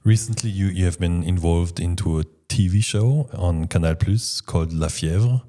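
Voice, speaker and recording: A man's voice: low voice, normal speed, dark tone. A man hosting a podcast interview, asking short, inquisitive follow-up questions. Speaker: podcast host.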